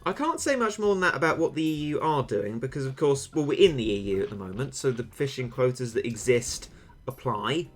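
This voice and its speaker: With a mid-range voice that swings widely in pitch, this streamer talks fairly quickly, soft music and faint game audio in the background. He rambles wryly to viewers, mocking himself, leaning close to a failing desk mic tilted toward him.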